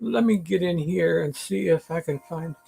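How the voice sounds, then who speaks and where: A man's voice: fairly high pitch, normal speed, gravelly, mellow, a little hiss or hum. A man hosting a casual livestream chat, rambling and reading out viewer comments. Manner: rambling, chatty. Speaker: livestream host.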